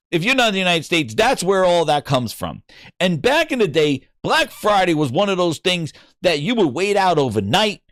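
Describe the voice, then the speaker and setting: Male gaming host, high, very animated pitch, casual profane storytelling. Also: no room sound, clean studio sound. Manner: animated, swearing, acts out voices in anecdotes.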